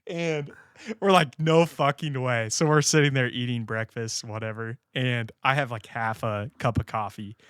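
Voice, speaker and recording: A young man co-hosts a casual podcast, telling stories with plenty of laughter. He acts out other people's lines as he talks. His voice is mid-pitched and sits close and dry. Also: normal speed, clear, resonant tone, no room sound. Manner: animated storytelling, laughing, acting out quotes. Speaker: podcast co-host. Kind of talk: casual chat.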